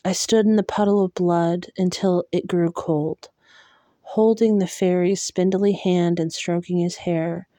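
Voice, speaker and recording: Slow, mellow woman reading a novel. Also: lowish voice, steady tone, dry recording, studio quality. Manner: soft, unhurried and emotional. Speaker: audiobook reader. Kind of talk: reading a fantasy novel aloud.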